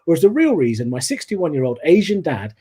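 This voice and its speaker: A man doing a stand-up comedy set over a video call, animated and telling stories with acted-out voices. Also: on the high side, a little fast, slightly rough.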